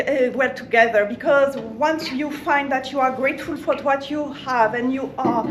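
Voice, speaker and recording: A woman giving an impromptu club speech, laughing often and halting on fillers. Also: sits high, a little hiss or hum. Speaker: table topics speaker. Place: meeting room. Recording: echoey room, mic far off.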